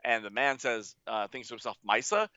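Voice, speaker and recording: A man's voice: mid-range voice, steady tone, fairly quick, bright, forceful tone, smooth, no room sound, dull audio. A man co-hosting a podcast who recaps a story in casual chat with wry, jokey asides. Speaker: podcast co-host.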